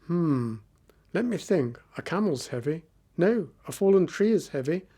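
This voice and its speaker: A foolish servant muses aloud, slow and pleased with himself, as a male narrator reads him. The voice sits a little high. It is simple storybook reading. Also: lively intonation, dark tone. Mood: musing. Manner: slow, musing.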